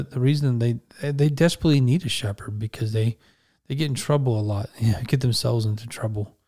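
Man, pastor, casual sermon, warm mellow tone, halting restarts, slow gentle scripture reading. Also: mid-range voice.

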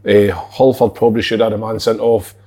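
A man's voice: fairly low pitch, little pitch movement, fast, mellow. A man with a Scottish accent co-hosting a podcast, giving a dry, matter-of-fact match report. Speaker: podcast co-host. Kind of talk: casual banter.

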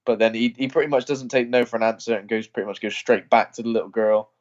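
A man co-hosting a casual film podcast, telling stories and breaking into shrill impressions. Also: level tone, fast talker, a little mellow, highs cut off. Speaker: podcast co-host. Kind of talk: casual film review chat.

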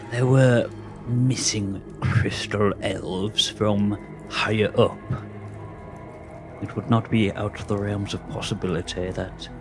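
Brief: gravelly, low-voiced dragonborn warrior, devout and formal, a man doing the voice, music underneath. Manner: slow, formal and measured.

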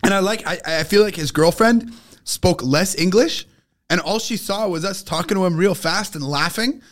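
A male comedian chatting on a podcast, telling animated stories and laughing often. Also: high-pitched, moderate pace. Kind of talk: casual podcast chat.

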